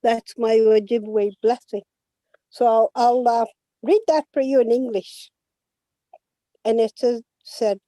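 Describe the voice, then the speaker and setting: An older woman speaking slowly and gently with halting pauses, sharing a prayer on a video call. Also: on the high side, steady tone, no room sound. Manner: slow, gentle, halting speech. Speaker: guest elder. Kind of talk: prayer and blessing in a virtual event.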